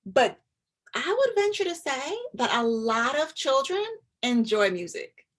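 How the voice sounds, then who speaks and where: A woman psychologist giving an informal, chatty talk to parents, animated and now and then dropping into a soft whisper to show a point. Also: high-pitched, a little slow. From US, Atlanta area. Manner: chatty and animated, often drops to a demonstrative whisper.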